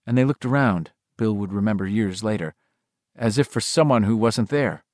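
A man's voice: fairly low pitch, moderate pace, no echo. Man narrating a novel, dry sound. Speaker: audiobook narrator.

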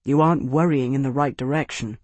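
A narrator voicing a young male army captain, calm and wryly confident, who talks in a calm drawl and now and then shouts an order. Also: medium pitch, fairly quick, no echo, pitched below the performer's own voice, close to an everyday voice.

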